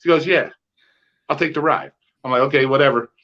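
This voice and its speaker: A man co-hosting a podcast, telling rideshare stories in a profane, animated way and acting out the dialogue. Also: medium pitch, brisk. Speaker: podcast co-host, rideshare driver. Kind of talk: casual chat, storytelling. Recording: slightly dull lo-fi sound.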